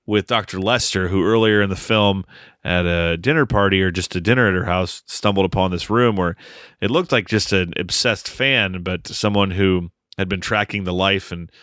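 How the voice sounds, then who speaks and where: A man co-hosts a casual movie podcast in a low, smooth voice. He is wry and swears casually, and he laughs at what he recounts. The sound is close and dry. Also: moderate pace, a bit bright, no echo. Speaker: podcast co-host. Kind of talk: casual film discussion.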